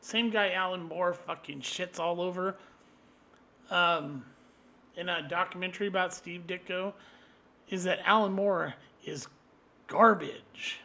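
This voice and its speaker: A man with a high, piercing voice rants alone at the camera. He talks in a combative, profane stream and keeps flaring into louder outbursts. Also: a little slow, creaky, long pauses. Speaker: vlogger. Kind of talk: angry solo rant to camera.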